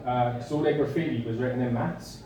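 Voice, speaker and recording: A young English man doing a stand-up set in a club, with a dry, self-deprecating, halting delivery full of fillers. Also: mid-range voice, steady tone, background noise. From England. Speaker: stand-up comedian. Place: comedy club bar with a live audience. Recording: roomy club sound from a distant mic. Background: audience laughter.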